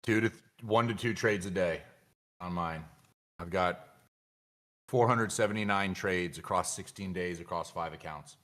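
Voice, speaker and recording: A man's voice: low voice, normal speed, fairly bright tone. Man, live trader op stream, lage stem, bot en direct, losse kletstoon. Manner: blunt, argumentative, counts aloud while checking numbers. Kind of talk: casual livestream talk.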